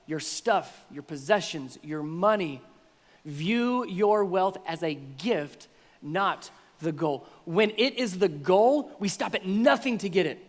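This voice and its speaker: A man preaching a sermon as pastor, animated and playful, now and then acting out what people might say. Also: high voice, big-room sound. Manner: animated, acts out voices of congregants with playful exaggeration. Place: church sanctuary.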